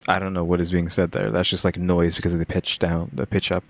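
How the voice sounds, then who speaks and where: A man's voice: sits low, monotone, fast talker, vocal fry, dry recording, clean studio sound. A young man hosting a reaction video, talking casually and musing aloud with lots of fillers. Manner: rambling, musing, many fillers.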